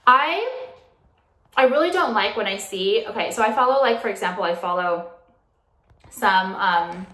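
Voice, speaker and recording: A young woman vlogging casually at home on a phone camera, swearing often and talking in quick, restarting bursts full of "like". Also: medium pitch, animated, sharp tone. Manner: chatty, profane, full of "like" and restarts. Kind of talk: casual vlog chat. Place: at home, walking through rooms.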